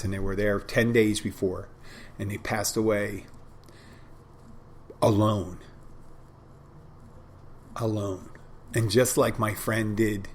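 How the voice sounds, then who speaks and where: Slow, low-voiced man musing aloud. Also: a bit bright, slight background noise. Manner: reflective, rambling with restarts. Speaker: podcast host. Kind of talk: casual monologue.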